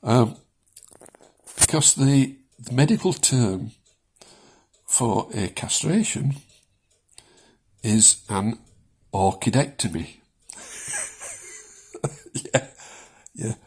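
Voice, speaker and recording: Older guy in his 70s, slow husky voice, shaky, chuckles at his own jokes while he rambles. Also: mid-range voice, animated, darkish tone. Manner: rambling, self-deprecating, chuckles often, many ums. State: shaking. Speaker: vlogger sharing his cancer experience. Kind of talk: casual personal vlog.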